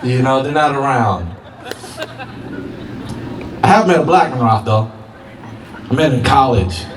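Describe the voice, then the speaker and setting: A man's voice: medium pitch, lively intonation, unhurried, a crowd in the background. A man performing a stand-up comedy set in a park, laughing through his punchlines. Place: outdoor park stage. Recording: roomy open-air sound from far mic with noise.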